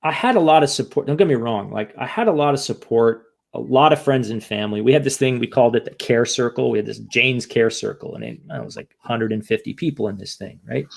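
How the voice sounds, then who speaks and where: A man's voice: medium pitch, a little fast, creaky, few pauses. A man from the United States, a podcast guest, speaking candidly and rambling with many restarts in an emotional interview.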